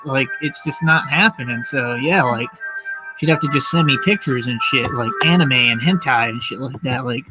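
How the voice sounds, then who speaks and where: A woman's voice: a bass voice, normal speed. A woman hosting a livestream in casual chat, blunt and crude, telling stories with acted-out quotes. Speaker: livestream host. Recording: dull lo-fi audio with music.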